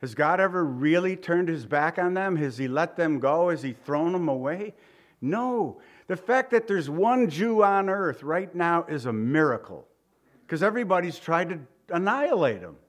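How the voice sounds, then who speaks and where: A man's voice: fairly high pitch, animated, moderate pace. A middle-aged man preaching a verse-by-verse sermon in an earnest, emphatic way, with personal asides. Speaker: pastor.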